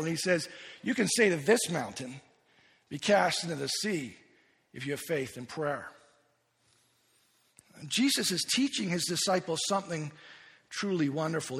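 The long reverb of a large hall surrounds this man as he preaches a sermon as pastor. His voice is a little high and fairly bright, and his delivery is earnest and emphatic, with frequent restarts and repeated words.

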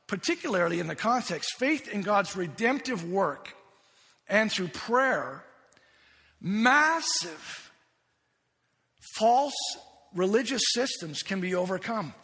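A man's voice: high voice, big pitch swings, a little slow, a bit bright. A man preaching a sermon as pastor, earnest and emphatic, often restarting and repeating his words. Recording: long reverb of a large hall.

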